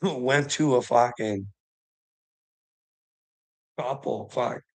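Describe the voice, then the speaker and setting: A man's voice: medium pitch, drawn-out words, a little mellow. A man talking straight to camera in a rambling monologue, swearing constantly, agitated and often breaking into laughter. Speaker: vlogger.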